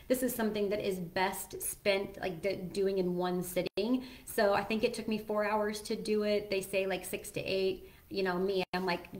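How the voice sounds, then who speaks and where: Earnest woman host, casual direct-to-camera chat, mid-pitched voice, loose and chatty. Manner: chatty and earnest, with many ums and self-corrections. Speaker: host sharing personal advice. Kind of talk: casual solo talk to camera.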